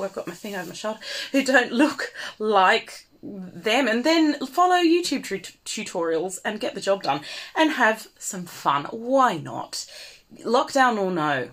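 A woman's voice: mid-range voice, fairly bright tone. An Australian woman, an operatic mezzo soprano, chatting playfully and self-mockingly between songs on a home livestream. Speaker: cabaret singer and livestream host.

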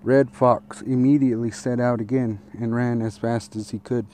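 A man reading a fable aloud as a storyteller, steady and deliberate, with a few small restarts. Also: medium pitch, a little hiss or hum.

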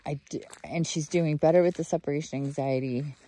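A woman's voice: deep voice, steady tone, brisk, mellow. A woman vlogging outdoors while walking her dog, chatting in a rambling way with fillers and slipping into sing-song baby talk for the dog. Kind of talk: casual video diary chat.

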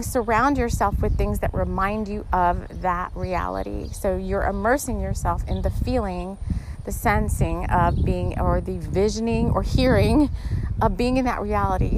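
A woman's voice: medium pitch, creaky, noisy background. Earnest rambling woman hosting a spiritual podcast. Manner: earnest, rambling, emotional, many restarts. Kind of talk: casual spiritual guidance talk.

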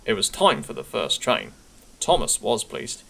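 A man reading a children's railway storybook aloud with expressive narration. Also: mid-range voice, a little slow, vocal fry, breathy edge. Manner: expressive, gently paced narration.

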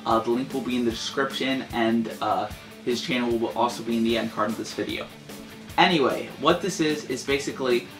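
A man's voice: mid-range voice, a bit bright, echoey room. A man co-hosting a casual comedy video, explaining the rules of a game. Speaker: co-host.

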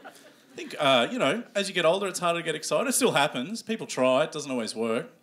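A man hosting a stand-up comedy show, animated and swearing as he acts out characters. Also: a little high, quick pace. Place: comedy club stage before a live audience. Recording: live room with audience noise.

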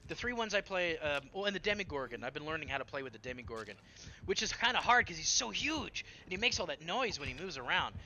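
Male game streamer, slightly high voice, chatty and rambling, sudden excited yelps, steady background noise. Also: fast. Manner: rambling, many fillers, excitable bursts. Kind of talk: casual gameplay chat.

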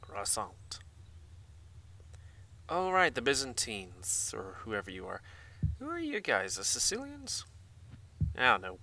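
A man's voice: medium pitch, wildly swooping pitch, moderate pace, gravelly, pushed and bright, slight background noise. A man giving rambling, casual let's-play commentary, muttering asides to himself and swearing now and then. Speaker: gaming channel host. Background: game music.

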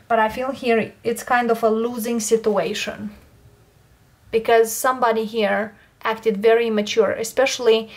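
Woman, tarot reader, slow and steady, keeps asking "okay?". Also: fairly high pitch. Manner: unhurried, checks in with "okay?" and repeats "I feel here". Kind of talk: tarot card reading.

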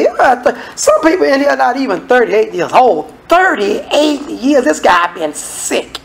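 A man's voice: very high voice, very animated, a little slow, gravelly, few pauses, fairly bright tone, low-quality recording. A man preaching a sermon in a folksy, conversational way, acting out the people in the scripture and making asides to the congregation.

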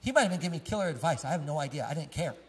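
A male pastor with a high, husky voice tells casual, joking stories from the pulpit and laughs easily along the way. His voice carries through a church sanctuary with a long, lingering echo. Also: lively intonation, racing. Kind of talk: storytelling sermon.

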